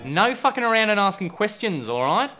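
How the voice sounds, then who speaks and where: A man's voice: sits high, big pitch swings, a little fast, bright, forceful tone, full character voice. A man playing a laid-back older mentor with a broad Australian accent, easygoing and slangy. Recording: music behind the voice.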